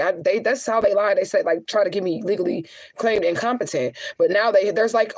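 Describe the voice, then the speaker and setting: A woman's voice: mid-range voice, low-quality recording. A middle-aged woman and spiritual medium, talking straight to her viewers in a raw, rambling, profane vlog monologue. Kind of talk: emotional direct-to-camera monologue.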